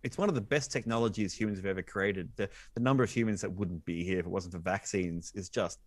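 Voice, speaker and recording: A man on a podcast as a guest, explaining science with excitable energy and quick restarts. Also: low voice, no echo. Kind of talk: animated conversational explaining.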